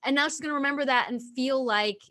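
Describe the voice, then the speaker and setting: A chatty woman host with a slightly high voice, talking candidly and loosely in a relaxed podcast conversation. Her sentences ramble and fill up with "like" as she thinks aloud. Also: fast talker. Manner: chatty, candid, filler-heavy with "like". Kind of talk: casual podcast chat.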